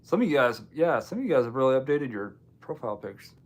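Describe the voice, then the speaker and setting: Man, livestream host, casual viewer chat, offhand, dry asides, medium pitch. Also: sing-song, fast talker. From Washington State, US. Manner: loose and offhand, with frequent ums and dry asides. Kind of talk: casual live chat reading viewer comments.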